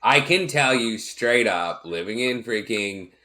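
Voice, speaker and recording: A man hosting a food and drink podcast, talking in an excited, slangy, emphatic way. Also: fairly low pitch, measured pace. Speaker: podcast host. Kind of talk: casual chat.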